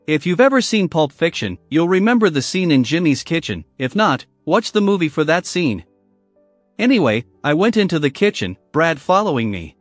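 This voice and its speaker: A man narrating a first-person story in a scripted, measured storytelling manner. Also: fairly high pitch, big pitch swings, no echo, soft background music.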